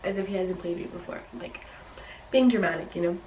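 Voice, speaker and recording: A young woman tells a story for her vlog, bouncing between voices as she quotes people. Her voice has a middle pitch. The sound is roomy and a little distant, with faint noise behind it. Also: fairly quick. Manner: animated retelling, acts out quotes. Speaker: YouTuber.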